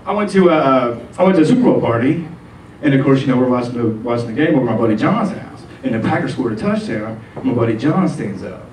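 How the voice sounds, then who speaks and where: A man's voice: medium pitch, expressive, fast, darkish tone. A man doing a stand-up comedy set, telling stories loosely with lots of filler words and putting on voices for the people in them. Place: comedy club stage. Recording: roomy, distant club recording with faint noise.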